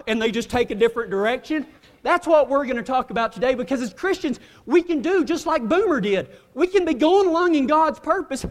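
In a church hall with long, echoing reverb, a man preaches a humorous, folksy sermon. His voice sits at an extremely high pitch with a fairly bright tone, and he drawls through asides while laughing along with his own story.

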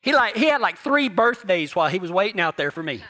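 Bright, high-voiced folksy cowboy preacher. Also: male voice, sing-song, quick pace. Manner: folksy, drawling, swings between hushed and loud. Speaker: cowboy church pastor. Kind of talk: sermon with folksy ranch storytelling.

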